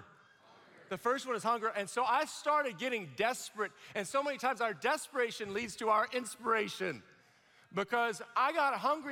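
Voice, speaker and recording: A middle-aged man preaching a sermon, telling his story with animated acted-out quotes and stammering restarts. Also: very high voice, normal speed. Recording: long hall reverb.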